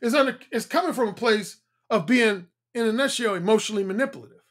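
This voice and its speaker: A man in his fifties, a dating coach talking bluntly on a livestream, repeating his points and swinging between a high throaty tone and a deep resonant one. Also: fast, a bit bright. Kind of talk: livestream talk.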